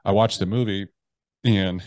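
Low-voiced, blunt American man. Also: steady tone, a little slow, a little mellow, no echo. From United States. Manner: frank, profane, restarts sentences often; acts out his own inner voices. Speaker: podcast guest. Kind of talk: candid interview storytelling.

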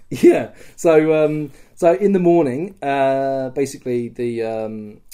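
A man hosting a podcast, telling a story in casual chat, excited and rambling with lots of fillers. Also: mid-range voice, slow. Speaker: podcast host.

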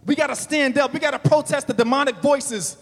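A male pastor preaching a sermon, building to shouts and slowing down for emphasis. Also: extremely high pitch, long reverb tail, soft background music.

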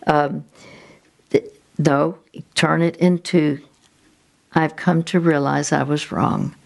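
A woman gently sharing a personal faith story and advice, speaking with halting restarts. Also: sits low, flat delivery, creaky. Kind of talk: reflective faith testimony.

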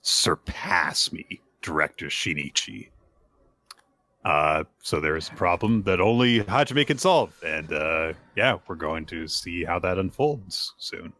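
A man's voice: low-pitched, measured pace, hardly any pauses. A man co-hosting a podcast, casually recapping manga chapters and acting out characters' lines as he goes. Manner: animated retelling, voices characters' lines. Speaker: podcast co-host.

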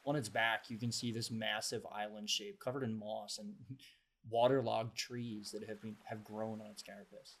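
A man's voice: on the low side, flat delivery, moderate pace, a bit bright. A man narrating a tabletop game as game master, describing scenes in detail. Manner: descriptive, evenly paced narration.

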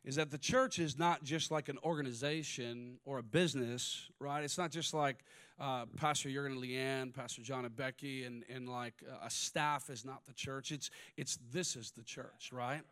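A man preaching a sermon, moving between quiet personal stories and loud, rising exhortation. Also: mid-range voice, fairly even intonation, moderate pace. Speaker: pastor.

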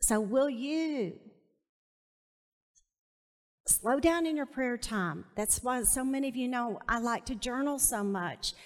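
A woman with a high voice leads a Bible study sermon, taking her time over each phrase. She speaks emphatically, repeating key words and inviting the audience to say them back to her. The recording carries the long reverb of a large hall. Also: slow, pauses often. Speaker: Bible teacher.

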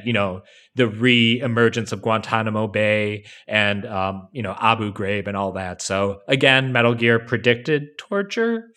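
A man co-hosting a podcast, talking casually and analytically with plenty of fillers. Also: mid-range voice. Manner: relaxed, explanatory, many fillers. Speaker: podcast co-host.

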